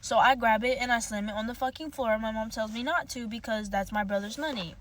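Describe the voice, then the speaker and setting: A woman's voice: fairly high pitch, a little fast. A young woman telling a storytime monologue, heated, profane and rambling.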